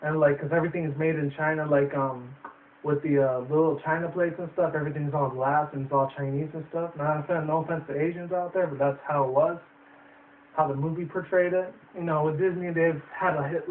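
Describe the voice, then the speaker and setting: A man's voice: a little high, recorded from a distance, a little hiss or hum. A young man reviewing a movie in a rambling casual way, swearing often and using lots of fillers. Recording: tinny phone-like roomy sound from afar.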